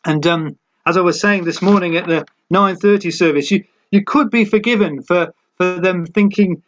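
A man preaching a sermon, reflective, posing rhetorical questions and slowing down for emphasis. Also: high-pitched, muffled recording.

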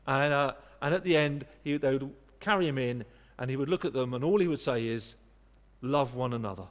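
A man's voice: medium pitch, fairly quick. Man preaching in a reverberant church. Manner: earnest, conversational, with frequent restarts. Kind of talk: sermon.

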